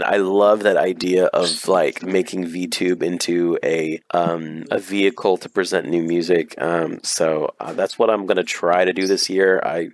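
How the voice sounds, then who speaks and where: A man's voice: low voice, no echo. Laughing, joking American man hosting. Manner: laughs often, joking, loose and rambling. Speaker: podcast host. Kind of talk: casual group chat.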